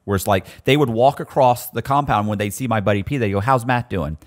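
A guest storyteller with a fairly low-pitched voice talks a little fast, relaxed as he relates prison stories. He's animated, voicing the people in the stories himself.

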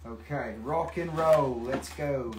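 A man's voice: medium pitch, slow, heavy background noise. A man hosting a live mineral sale, chatting enthusiastically and answering viewer comments. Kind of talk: casual live-stream sales chat.

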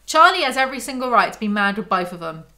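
A woman's voice: on the high side, big pitch swings, quick pace, sharp tone. A woman reviewing a novel, reading passages aloud and breaking off into sarcastic, exasperated commentary. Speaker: book reviewer.

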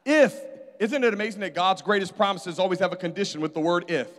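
Man, pastor, call-and-response sermon, high voice, echoing hall. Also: quick pace, a bit bright. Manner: call-and-response preaching, urging the congregation. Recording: hall reverb.

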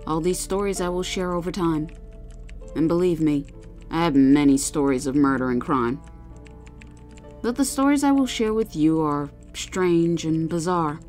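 Low-voiced woman narrating horror. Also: a little slow. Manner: calm, soothing when talking to the child. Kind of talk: first-person horror story narration. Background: faint music.

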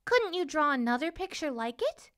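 A woman reading a children's storybook aloud, voicing an eager young paper princess in a bright, wondering, earnest way. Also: sits high, sing-song, normal speed, voice pushed up.

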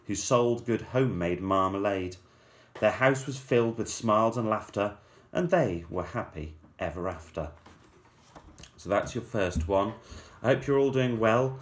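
A male teacher reading a rhyming story aloud to children in a measured, playful storyteller's manner. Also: on the low side.

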